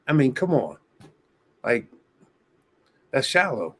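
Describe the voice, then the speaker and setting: On a video panel reviewing a dating show, a man with a mid-range voice argues his case at a normal pace. It's a casual debate, and he explains at length, restarting his sentences again and again.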